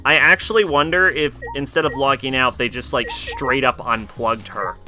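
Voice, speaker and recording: A man's voice: mid-range voice, fairly even intonation, normal speed, over music. Casual young male game streamer. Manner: casual, swearing, reacting aloud. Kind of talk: live game commentary.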